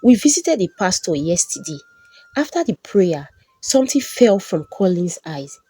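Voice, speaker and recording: A woman voicing a calm, reassuring male friend in a folktale. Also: high voice, normal speed, slightly rough, no room sound, full character voice.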